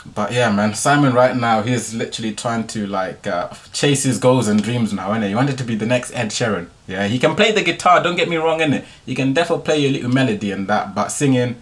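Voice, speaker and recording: A young man hosting a podcast, telling a story in a relaxed, slangy way and ending his sentences with tag questions. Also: medium pitch, fairly quick, hardly any pauses. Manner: laid-back slangy delivery, tag questions. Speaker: podcast host. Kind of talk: casual storytelling monologue.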